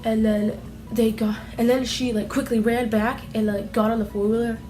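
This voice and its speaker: A woman's voice: a little high, little pitch movement, normal speed, mellow, faint music behind. A woman telling a story casually in a vlog, rambling and full of "like" fillers, restless as she talks. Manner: rambling, heavy use of "like" fillers; restless, fidgety while telling. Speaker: vlogger.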